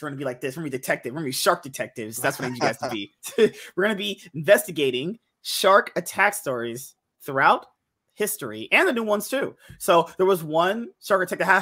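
A man's voice: fairly high pitch, a bit bright. Rambling jokey podcast host, man. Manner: rambling, jokey, laughs often. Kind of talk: casual podcast chat.

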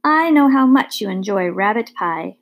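Courtly giant of a hobo with a dark beard, gentle and unhurried, put on by a woman narrator. Storybook read-aloud. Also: medium pitch, animated, vocal fry, muffled recording. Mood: kindly. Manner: formal, fond, unhurried speech.

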